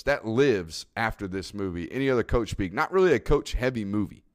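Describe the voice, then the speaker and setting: A man's voice: fairly low pitch, expressive, fairly quick, few pauses. A man co-hosting a sports podcast, chatting casually and animatedly, quoting movie lines and laughing. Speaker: podcast co-host.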